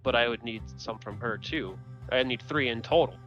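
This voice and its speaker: A man's voice: medium pitch, normal speed, fairly bright tone, dull audio, faint music behind. A man playing a tabletop game, wry and sarcastic, often half in character. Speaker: player.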